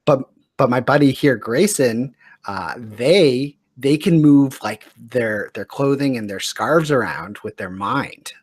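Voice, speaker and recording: Man speaking as an earnest, halting adventurer. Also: medium pitch, expressive, husky, dry recording. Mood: eager.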